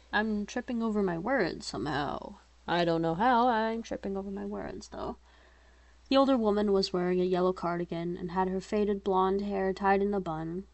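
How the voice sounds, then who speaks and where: A young woman reads her own story aloud in a loose, unpolished way, doing the characters' lines in her own natural voice. Her pitch sits in the middle range, and the recording is close and dry with almost no room sound. She stops now and then to comment on her own reading. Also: no room sound. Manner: reads narration and dialogue in her own voice, breaks off to comment and laugh at herself. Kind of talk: casual unedited story reading.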